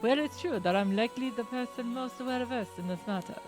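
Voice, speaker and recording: Woman reading as a vain male teacher in a game, pompous and formal, voice sits fairly high. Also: brisk, over music, close to an everyday voice.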